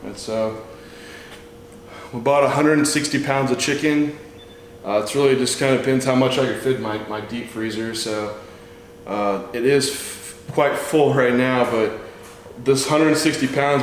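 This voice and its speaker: A man's voice: medium pitch, moderate pace, echoey room, slight background noise, rough recording. A man, a nutrition coach, casually walking viewers through his food stock at home, rambling and working out numbers aloud. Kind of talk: casual vlog walkthrough.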